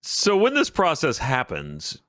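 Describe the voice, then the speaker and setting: A man on a podcast with dry, deadpan humor. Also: mid-range voice, unhurried, no room sound. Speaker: podcast co-host. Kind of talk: casual podcast chat.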